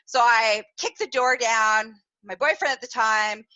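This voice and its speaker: A woman hosting a podcast, telling a personal story in a candid, animated way, laughing often and swearing freely. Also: on the high side, measured pace, muffled recording. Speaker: podcast host.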